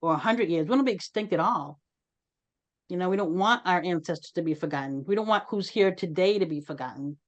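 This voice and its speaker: Woman host, lowish voice, earnest and conversational, video call meeting. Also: fast, dull audio. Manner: earnest, conversational, calls on participants. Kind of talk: online community meeting discussion.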